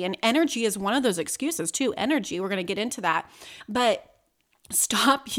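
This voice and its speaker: A woman's voice: medium pitch, a bit bright. Earnest woman podcast host coaching listeners. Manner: conversational, many fillers like "like" and "you know". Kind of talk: motivational podcast talk.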